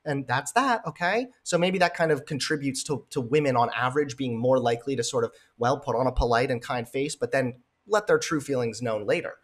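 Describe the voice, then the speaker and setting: A man's voice: mid-range voice, fairly quick, hardly any pauses. A man hosting reaction commentary in a sarcastic, scornful and profane way. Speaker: commentary host.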